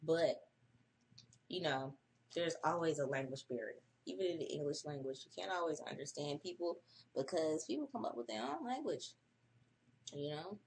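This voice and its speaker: On her early-morning livestream, a US host reads an article aloud and cuts in with her own asides, chatty and cursing. Her low, creaky voice is expressive at a moderate pace, with a little hiss or hum.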